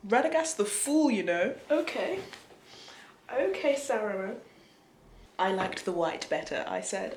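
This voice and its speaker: A woman talking through her reactions to a book in a casual vlog, excitable and chatty, with gasps and whispered asides. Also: mid-range voice, unhurried, long pauses, a little hiss or hum. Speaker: book vlogger.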